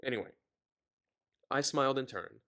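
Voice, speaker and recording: A man's voice: medium pitch, lively intonation, normal speed. Exasperated man reading and ranting. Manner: exasperated, sarcastic asides between read passages; loose, rambling, stumbles over words. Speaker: host reading a novel aloud with commentary. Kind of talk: casual book reading with commentary.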